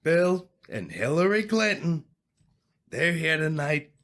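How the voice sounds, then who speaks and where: A man doing a gravelly boastful older president. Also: a little high, sing-song, takes it slowly, a bit bright, full character voice. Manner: rambling, repetitive bragging. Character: boastful older male president doing a crude rambling roast. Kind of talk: comedic impression in an audio play.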